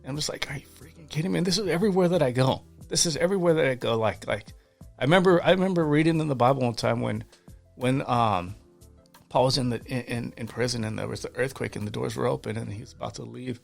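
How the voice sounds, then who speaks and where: A man's voice: medium pitch, quick pace, creaky, faint music behind. A man guest on a podcast, telling faith stories in an earnest, fervent way, with many restarts and repeated words. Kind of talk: casual interview storytelling.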